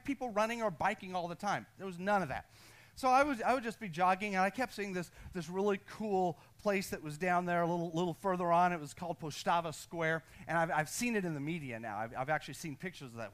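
An American man preaching as a pastor, telling a personal story with restless energy and calling on the congregation to answer. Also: high-pitched. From United States. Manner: energetic, restless, self-deprecating, calls on the congregation. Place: church sanctuary.

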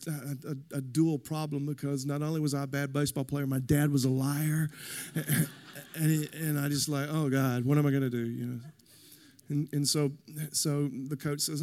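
A man's voice: on the high side, fairly even intonation, moderate pace, darkish tone. A middle-aged man preaching a sermon, telling personal stories and acting out the voices in them, building to emphatic encouragement. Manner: storytelling, acts out quoted voices, rising to emphatic exhortation. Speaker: pastor.

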